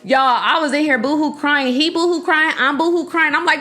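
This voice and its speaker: Animated woman chatting with a high voice. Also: moderate pace, few pauses, faint music behind. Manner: animated, profane, laughs often, acts out quotes. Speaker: podcast host. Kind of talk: casual chat.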